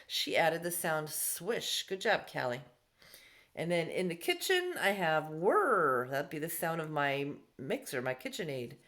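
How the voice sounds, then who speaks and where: A middle-aged woman teaching a recorded class lesson from home, patient and sounding words out slowly for young pupils. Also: low-pitched, big pitch swings, fairly bright tone. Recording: echoey room.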